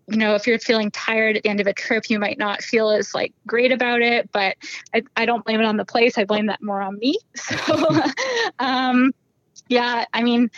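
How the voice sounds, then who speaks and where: A woman's voice: a little high, no echo. A young woman, chatting casually as a podcast guest and laughing often. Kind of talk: casual chat. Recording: dull, dry lo-fi sound.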